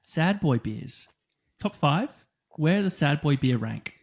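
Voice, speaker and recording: A man's voice: a little high, animated, slow pace. A young man, co-hosting a casual podcast, teasing his friend and leading a ranking game. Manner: playful, teasing, runs the games. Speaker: podcast co-host. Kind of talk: casual chat.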